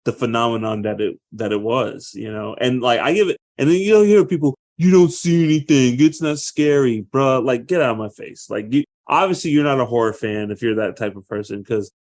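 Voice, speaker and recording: Casting: thirties man, podcast co-host, lively storyteller, middle-range voice. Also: mid-range voice, a little fast, hardly any pauses. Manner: animated, acts out movie quotes with loud outbursts. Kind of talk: casual chat.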